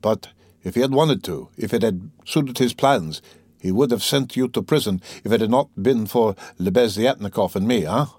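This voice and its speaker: A man's voice: on the low side, moderate pace, darkish tone, breathy edge, no room sound. A man voicing a tense, brooding young man who talks in an agitated, peevish way.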